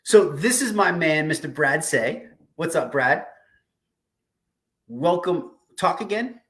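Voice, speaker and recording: A man's voice: a little high, lively intonation, slow pace, a bit bright. A man hosting a weekly diet community livestream, giving a passionate, emphatic pep talk full of repeated phrases and casual swearing. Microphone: video call streaming setup.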